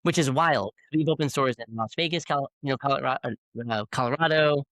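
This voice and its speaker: A man's voice: mid-range voice, a little fast, a bit bright, no room sound, rough recording. A man in his forties, a bagel shop founder, telling stories to business students in a casual, rambling way with many fillers. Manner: chatty, many fillers and restarts. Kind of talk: casual storytelling talk. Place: university classroom.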